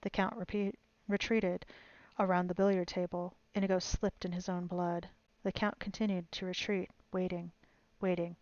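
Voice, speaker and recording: A woman's voice: on the low side, little pitch movement, normal speed, dry recording, lo-fi sound. A woman streamer reading a novel aloud in a dramatic storytelling manner from home. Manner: dramatic storytelling, loud at fight scenes.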